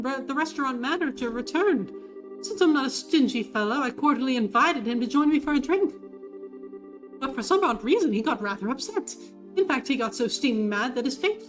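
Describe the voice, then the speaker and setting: A woman's voice: high-pitched, animated, brisk. A woman voicing a flamboyant, vain young man who tells his story with grand theatrical flourishes, reading game dialogue over game music. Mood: grandiose.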